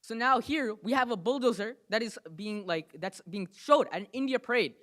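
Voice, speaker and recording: A young man from New Jersey giving an impassioned public comment at a council meeting, fast and emphatic, ending phrases with "okay?" and "right?". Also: extremely high pitch, fairly bright tone.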